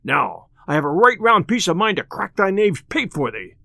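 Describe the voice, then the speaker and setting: A man voicing a boisterous, hot-tempered male tinker who talks loudly in old-fashioned speech. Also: fairly high pitch, wildly swooping pitch, moderate pace, no room sound, heavily acted. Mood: angry.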